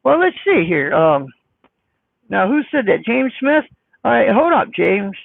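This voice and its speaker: A man with a squeaky voice, chatting casually on a live stream as he reads viewer comments, blunt, defensive and folksy. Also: very animated, measured pace, gravelly, no echo. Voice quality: squeaky high voice. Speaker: trucker vlogger reading live chat. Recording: dry, phone-like sound.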